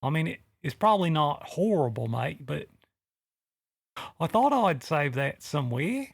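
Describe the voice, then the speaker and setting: A man's voice: fairly high pitch, big pitch swings, a little slow, gravelly, no room sound, clean studio sound. A man co-hosting an improvised comedy podcast in a put-on Australian accent, rambling and fumbling for words. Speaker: podcast co-host.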